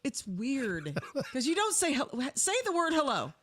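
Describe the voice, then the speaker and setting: A woman's voice: high voice, huge pitch swings, a little slow, a bit bright. A woman co-hosting a podcast, chatting casually and laughing a lot. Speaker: podcast co-host. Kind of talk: casual chat.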